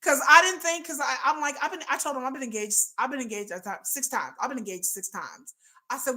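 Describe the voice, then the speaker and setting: Middle-aged woman on a livestream, bright voice, drops her voice low to quote people, chatty. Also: fast talker. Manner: animated, acts out quotes in lowered voice. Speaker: livestream host. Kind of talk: casual storytelling chat.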